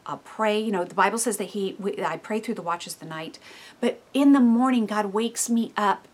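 Animated woman giving a devotional talk. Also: mid-range voice, moderate pace. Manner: animated, acts out inner voices, drops to soft hushed tones. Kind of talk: devotional teaching.

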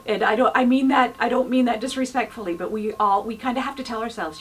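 A woman's voice: a little high, fast, few pauses, slight background noise. A woman pastor giving an informal, earnest sermon, full of "you know" fillers. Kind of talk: conversational sermon.

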